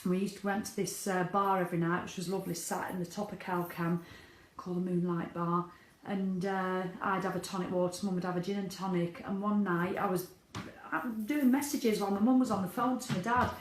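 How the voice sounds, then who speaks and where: A woman's voice: mid-range voice, fairly even intonation, a little fast, slight background noise. A middle-aged woman talking candidly in a casual video diary, swearing freely. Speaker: vlogger. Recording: echoey room.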